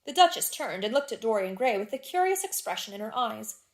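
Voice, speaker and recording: Female audiobook narrator, measured delivery, voice a touch high. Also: very animated. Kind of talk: reading a classic novel aloud.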